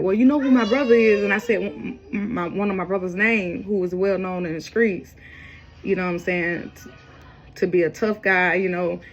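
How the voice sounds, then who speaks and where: A woman telling a personal story in a loose, rambling way, jumping up in pitch when she quotes people. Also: dull audio. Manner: casual, rambling, quoting others with raised pitch. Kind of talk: casual storytelling.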